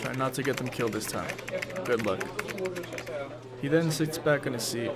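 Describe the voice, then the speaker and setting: A man's voice: medium pitch, normal speed, a loud crowd. A young man running a casual tabletop game for friends, narrating scenes between profane, laughing banter. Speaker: game master. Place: home podcast setup.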